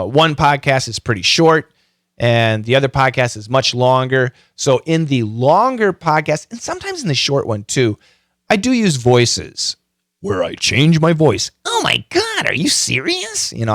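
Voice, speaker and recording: Animated middle-aged man hosting a podcast. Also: mid-range voice, dry recording, studio quality. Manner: chatty, animated, self-joking, frequent fillers. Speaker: podcast host. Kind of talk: casual tutorial talk.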